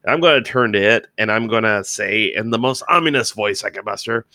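A man's voice: lowish voice, brisk, hardly any pauses, bright, forceful tone, no echo. A man playing a tabletop game, joking and hesitant with many fillers. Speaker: player. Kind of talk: casual tabletop play.

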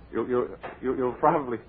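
A man hosting a comedy radio show in a deadpan, rambling, mock-serious way, heard on a tinny old radio recording with light hiss. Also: mid-range voice, unhurried. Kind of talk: deadpan comic radio patter.

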